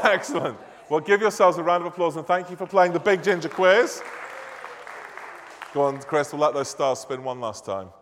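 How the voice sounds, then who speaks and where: A man in his thirties from Manchester with a Northern English accent, running a playful quiz during a church service, joking with the congregation. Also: a little high. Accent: Northern English, Mancunian. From Manchester, England. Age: 30s. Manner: jokey, self-deprecating, chatty with the congregation. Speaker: church minister. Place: church hall or nave. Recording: long church reverb.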